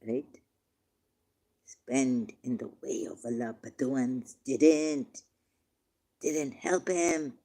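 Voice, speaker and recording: A man reading scripture verses aloud and commenting on them, turning emotional, shifting between quiet musing and loud, drawn-out declaiming. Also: mid-range voice. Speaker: religious commentator.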